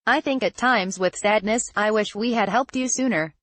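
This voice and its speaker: Here a memoir passage is read by a woman whose middle-range voice stays steady and controlled, her quoted lines sounding much like her narration. It's a dry, close recording with no echo.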